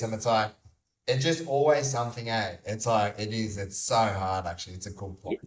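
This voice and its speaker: A man's voice: fairly low pitch, steady tone, brisk, recorded from a distance. A man guesting on a casual podcast, telling stories and acting out the back-and-forth of conversations. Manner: storytelling, acts out quoted dialogue. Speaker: podcast guest, electrician business owner. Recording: echoey, a bit off-mic.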